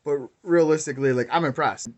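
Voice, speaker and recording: A man's voice: a little high, a little fast, a little mellow. A man hosting his own video, ranting in a rambling, heated way and swearing constantly. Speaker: crypto YouTuber. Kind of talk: profane ranting vlog.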